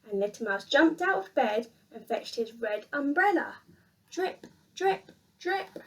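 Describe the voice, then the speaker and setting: A woman reading a children's picture book aloud in an expressive, sing-song storyteller manner. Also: fairly high pitch, normal speed, distant mic.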